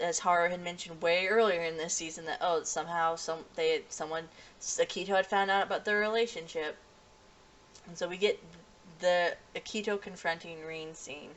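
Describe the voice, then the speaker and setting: A woman's voice: on the low side, a bit bright. A woman casually reviewing an anime episode, rambling with lots of restarts and "you know" fillers.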